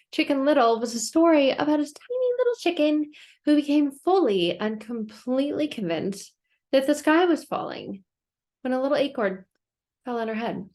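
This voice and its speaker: Woman host, high voice, playful storyteller, casual advice talk. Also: normal speed. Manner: playful, animated storytelling, laughs often. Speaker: self-help video host.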